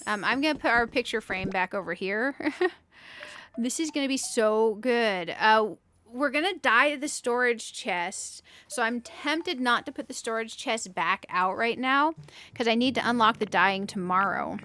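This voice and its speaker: A woman's voice: fairly high pitch, measured pace, bright, forceful tone. A woman hosting a casual let's-play, chatting to her viewers as she builds and thinking aloud in a playful, self-mocking way. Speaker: gaming channel host.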